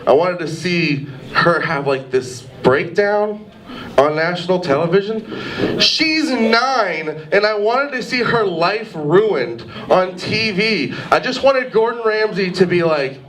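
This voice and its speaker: A man's voice: high-pitched, lively intonation, takes it slowly, a bit bright. A man in his twenties doing a rambling, self-deprecating stand-up set on a pub stage, with lots of "like". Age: 20s. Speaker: stand-up comedian. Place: pub stage with live audience. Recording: distant mic, audience laughter.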